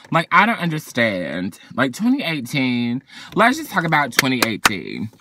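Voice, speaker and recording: A young man venting to camera from his car in a sassy, dramatic monologue. He swings between loud outbursts and weary sighs. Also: mid-range voice, wildly swooping pitch, normal speed. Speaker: vlogger. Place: parked car.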